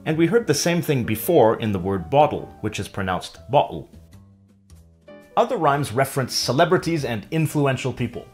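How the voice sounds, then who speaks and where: A man narrating a scripted language lesson, explaining clearly and stretching example words out slowly. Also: mid-range voice, sing-song, faint music behind. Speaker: language teacher.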